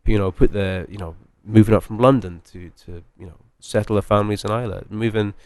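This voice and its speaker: Man, light scottish accent, forties, quick rambling talk, lowish voice, dry close sound. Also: dry recording. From Scotland. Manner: chatty, rambling with many fillers and restarts. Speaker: master distiller. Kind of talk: casual podcast interview.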